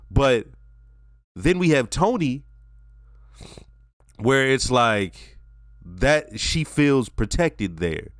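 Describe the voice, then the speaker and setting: Speaking directly to his audience, this TV reaction channel host gives an animated, casual episode review full of profanity. His pitch is medium, and the clean studio sound has no room noise.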